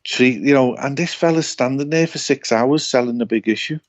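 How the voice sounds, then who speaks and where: A man's voice: mid-range voice, normal speed, dull audio. A man co-hosting a casual podcast chat, blunt and sweary as he tells stories. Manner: blunt, sweary, animated storyteller. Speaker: podcast co-host.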